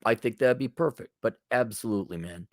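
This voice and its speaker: A man's voice: on the low side, a little fast, no echo, clean studio sound. Blunt sarcastic male podcast host. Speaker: podcast host giving advice. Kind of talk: casual advice monologue.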